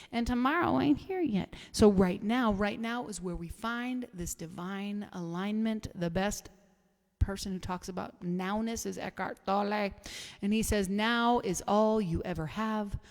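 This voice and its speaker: A woman's voice: mid-range voice, darkish tone. Woman preaching in a reverberant hall. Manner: emphatic, breaks into singing. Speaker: spiritual minister. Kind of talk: sermon.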